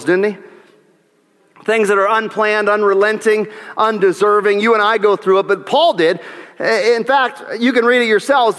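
High-voiced animated male preacher. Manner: animated, acts out biblical voices, swings between loud and hushed. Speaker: pastor. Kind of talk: sermon. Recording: reverberant hall.

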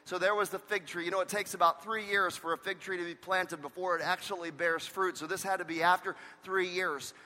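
A pastor with a high, bright voice delivers a sermon, pressing each point home by repeating phrases. A long reverb rings around him, as in a big church sanctuary. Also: male voice, fairly even intonation, a little fast, few pauses. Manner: emphatic preaching with repeated phrases. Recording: long reverb of a large hall.

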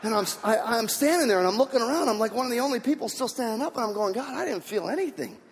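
A man preaching a sermon, telling stories in an animated way with many restarts and repeated words. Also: extremely high pitch, rapid-fire, in a large hall. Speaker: pastor.

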